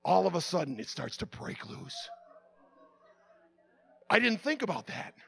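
A man preaching, telling a lively personal story with sound effects and frequent restarts. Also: sits high, unhurried, gravelly. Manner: drops to a hushed, prayerful tone at the close.

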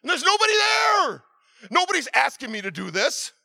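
A middle-aged man preaching a sermon, telling stories with many restarts and swinging from loud urging to quiet asides. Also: extremely high pitch, very animated, normal speed, gravelly, no room sound, clean studio sound. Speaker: pastor.

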